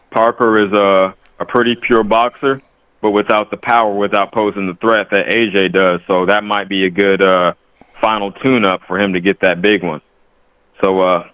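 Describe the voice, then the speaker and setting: A man from the Bay Area calls in and chats politely, with many fillers. His voice sits a bit low and comes through a dull, dry line. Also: fairly even intonation, normal speed, clean tone, no echo. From Bay Area, California. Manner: chatty, polite, filler-heavy. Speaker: caller. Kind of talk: casual call-in chat.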